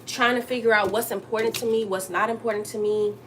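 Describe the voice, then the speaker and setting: A young woman hosting a casual livestream from her kitchen while she cooks, chatting straight to her viewers and jumping up high to greet them. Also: fairly even intonation, fast talker, slight background noise. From Texas. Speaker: livestream host. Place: home kitchen.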